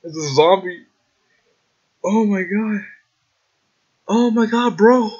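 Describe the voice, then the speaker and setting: A man hosting a let's play, reading a visual novel aloud with excitable, swearing reactions. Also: high-pitched, slow, slightly rough. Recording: slightly dull with game music.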